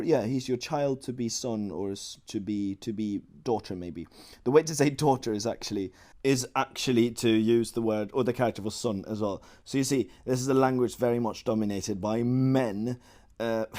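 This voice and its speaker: In an online lesson, a male Chinese language teacher with a medium-pitched, warm voice explains things slowly. He's playful, slipping in joking asides along the way.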